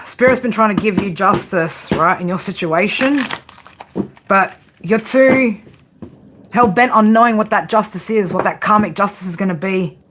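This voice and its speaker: A woman giving a tarot reading, blunt and profane, often tagging her points with a quick "right?". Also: medium pitch, a bit bright, slight background noise. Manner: frank tough-love delivery. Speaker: tarot reader.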